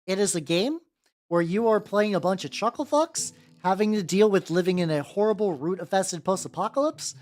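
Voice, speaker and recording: At a moderate pace and with lively intonation, a medium-voiced woman chats casually on a stream while painting miniatures. Soft music plays in the background as she greets viewers by name, laughs, and curses freely.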